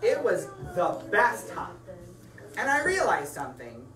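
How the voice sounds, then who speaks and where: A woman reading a picture book aloud to children, playful and animated, chatting about the pages as she goes. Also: lowish voice, a little slow, crowd noise. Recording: echoey room from far off.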